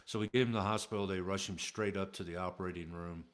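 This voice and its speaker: A middle-aged man telling a personal story in a casual, halting way, with many fillers and restarts. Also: deep voice, steady tone.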